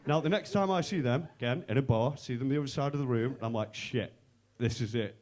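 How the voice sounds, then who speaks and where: A man's voice: medium pitch, animated, fast, a little mellow. A young man from Manchester, doing a stand-up set at a comedy club, telling brash stories full of swearing and acting out what his friends said. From Manchester, England. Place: comedy club stage with a live audience.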